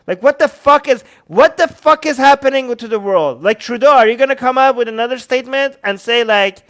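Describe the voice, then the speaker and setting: A man's voice: very high voice, brisk, hardly any pauses, fairly bright tone. A man giving heated, profane political commentary as a co-host, ranting angrily and swearing often.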